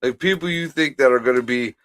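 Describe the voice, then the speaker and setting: A man's voice: medium pitch, brisk, no room sound. A man co-hosting a casual movie watch-along, wisecracking and swearing. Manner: animated and profane, wisecracking. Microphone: live stream microphone.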